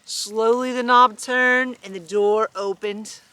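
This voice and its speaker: A woman reading a children's storybook aloud, animated and chuckling with asides. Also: a little high, slow pace. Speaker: storybook reader.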